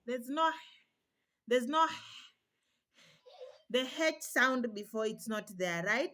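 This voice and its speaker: Casting: young mom vlogger, bright voice, pitched a bit high, chatty and reassuring, mimics baby cries. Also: female voice, lively intonation, slow pace, pauses often. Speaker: parenting vlogger. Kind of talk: casual advice to mothers.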